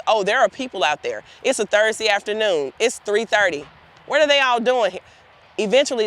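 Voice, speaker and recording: Woman tour guide, outdoors, earnest and heartfelt, talks straight to the group. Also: mid-range voice. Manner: earnest, heartfelt storytelling addressing the group directly. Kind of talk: guided tour talk to volunteers. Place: outdoors in a cemetery.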